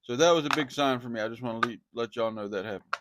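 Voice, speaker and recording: A man who preaches casually to his viewers, animated and repeating himself as he talks straight at them. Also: mid-range voice, fast talker, noisy background. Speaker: online preacher.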